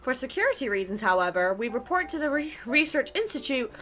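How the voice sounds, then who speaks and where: A woman's voice: high-pitched, sing-song, brisk, a bit bright. A woman gaming creator reading a romance game aloud in a playful, chatty way. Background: game music.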